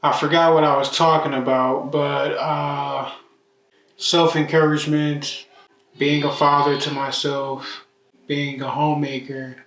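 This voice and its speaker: Slow-talking man, roomy and distant. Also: fairly high pitch, flat delivery, a bit bright. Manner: rambling, raw and profane. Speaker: vlogger. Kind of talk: emotional self-talk vlog. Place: living room at home. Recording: roomy echo, mic far off.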